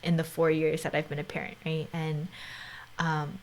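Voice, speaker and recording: A woman in her thirties with a slightly low voice, talking earnestly as a podcast host. Her delivery is soft and confiding, often sinking to a near whisper. She peppers her sentences with "like" and "right?". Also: monotone, moderate pace. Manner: heavy use of "like" and "right?". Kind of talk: casual conversation.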